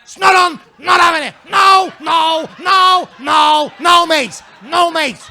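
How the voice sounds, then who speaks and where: A comedian voicing a rowdy, furious Liverpudlian man who rants and shouts on a comedy club stage. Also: very high voice, sing-song, drawn-out words, a faint crowd, exaggerated voice. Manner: shouting, indignant, defiant.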